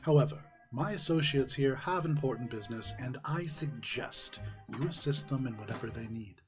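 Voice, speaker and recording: A man's voice: mid-range voice, moderate pace, music in the background, lightly acted. A man voicing a haughty, elegant fae lord who gives commands. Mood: imperious.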